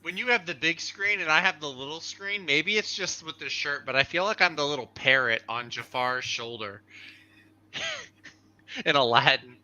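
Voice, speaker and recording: Joking male co-host, very bright and lively, video-call banter. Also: fairly high pitch, moderate pace. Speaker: comic book livestream co-host. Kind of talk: casual live-stream chat.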